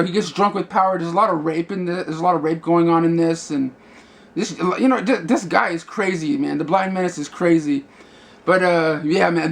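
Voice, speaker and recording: A man giving a casual movie review, rambling with many fillers and restarts. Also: high voice.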